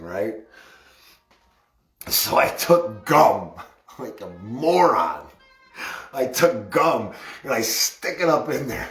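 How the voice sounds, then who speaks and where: Middle-aged man, casual self-mocking storyteller, mid-pitched, echoey room. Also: very animated, slow. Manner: rambling, laughing, self-mocking. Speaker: video host telling a personal story.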